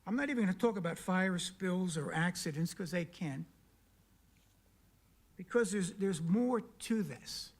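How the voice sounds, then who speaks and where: Speaking in a council chamber, this South Carolina man gives the county council an emphatic public comment built on pointed questions and repeated key words. His voice sits high, and he keeps a measured pace.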